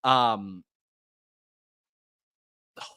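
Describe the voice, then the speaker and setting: A man hosting a live fantasy football Q&A, reading viewer questions and giving quick start-or-sit answers, with frequent sighs. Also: lowish voice, sharp tone, clear, resonant tone, no echo, clean studio sound. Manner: rapid answers, reads viewer names and questions; distracted, sighs often. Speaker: fantasy football podcast host.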